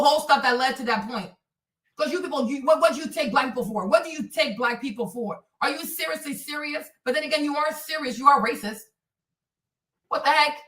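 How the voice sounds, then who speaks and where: A woman hosting a livestream, delivering a heated commentary rant that is animated and profane, with phrases repeated for emphasis. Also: high-pitched, distant mic. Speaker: livestream host. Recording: roomy and off-mic.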